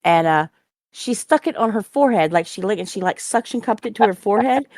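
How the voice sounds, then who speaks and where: A woman's voice: mid-range voice, lively intonation, a little fast, a little mellow, no room sound, clean studio sound. A woman co-hosting a talk show, telling a crude family story bluntly. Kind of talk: casual chat.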